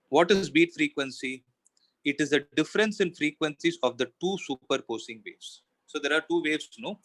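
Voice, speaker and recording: A man's voice: a little high, a bit bright, poor audio. A man teaching a physics class, explaining step by step and asking himself questions as he goes. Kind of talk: classroom lecture.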